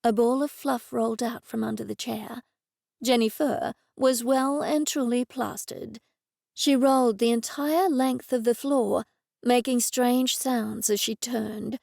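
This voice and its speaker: A woman reads a first-person audiobook in a measured, even way. Her voice sits fairly high with a gravelly texture, recorded close and dry. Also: no room sound. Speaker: audiobook narrator.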